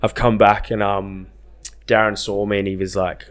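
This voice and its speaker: Self-mocking Aussie bloke telling stories. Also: male voice, fairly low pitch, moderate pace, clear, resonant tone. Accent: Australian. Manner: animated, self-mocking, slangy. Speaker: podcast guest. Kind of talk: casual storytelling.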